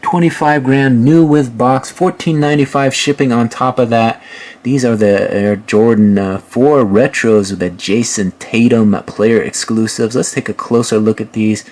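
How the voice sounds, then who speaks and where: A male host giving casual, relaxed commentary while walking through online listings, with frequent fillers. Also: medium pitch, normal speed. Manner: relaxed, filler-heavy, chatty. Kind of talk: casual screen-share commentary.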